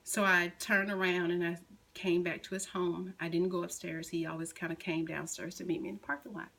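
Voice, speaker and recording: A middle-aged mother slowly recounting a painful personal story, at times softly quoting her son. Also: lowish voice, flat delivery, gravelly, poor audio. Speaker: grieving mother. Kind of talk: personal testimony.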